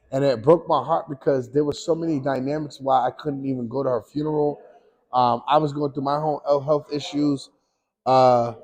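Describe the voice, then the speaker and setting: A man's voice: mid-range voice, a little mellow, poor audio. A man hosting his own show, talking in a casual personal monologue, rambling and earnest, with slang and frequent restarts. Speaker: host.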